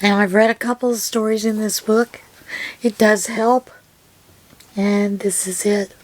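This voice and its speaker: A middle-aged woman hosting her own yarn channel, chatting through her mail in an unhurried, rambling way with many pauses and fillers. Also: medium pitch, level tone. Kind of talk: casual unboxing chat.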